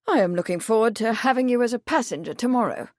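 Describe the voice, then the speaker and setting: A woman voicing a brisk, offhand young gentleman motorist, in an audiobook. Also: fairly high pitch, expressive, no echo, natural voice.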